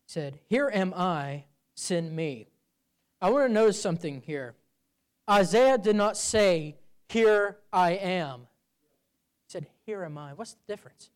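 A man preaching a sermon, telling a personal story and building to loud emphatic peaks before dropping low and quiet. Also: lively intonation, normal speed.

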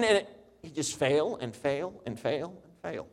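A middle-aged man preaching a sermon, reading scripture and telling stories with lively, animated delivery. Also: brisk. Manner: animated storytelling preacher, reads scripture in a lower, steadier voice. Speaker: pastor.

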